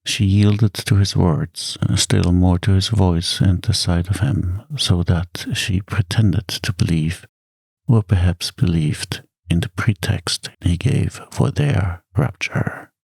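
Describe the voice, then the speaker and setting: A man narrating a novel in a calm, soft-spoken ASMR bedtime reading, close to the mic. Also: sits low, slow, creaky, slightly rough, no room sound. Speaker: audiobook narrator.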